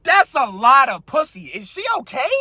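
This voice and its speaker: A man hosting a podcast, giving crude, comedic commentary on a story he reads out. He swings between loud outbursts, quiet mutters and laughing at his own jokes. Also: very high voice, very animated, normal speed, dry recording. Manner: crude, loud, cracks himself up, trails into mutters. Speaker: podcast host.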